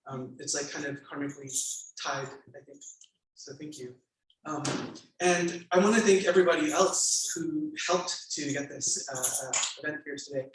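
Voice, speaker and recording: A male author thanking guests with halting, filler-heavy speech and then reading from his memoir at a bookstore event. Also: fairly high pitch, a little hiss or hum. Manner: hesitant with many fillers, then measured reading. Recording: echoey room, mic far off.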